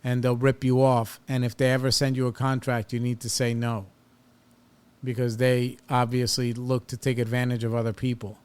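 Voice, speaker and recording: A man's voice: mid-range voice, monotone, moderate pace, a little mellow, clean tone. A man in his thirties hosting a podcast, telling a personal story in a blunt, profane, casual way and reliving an argument with rising heat. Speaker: podcast host.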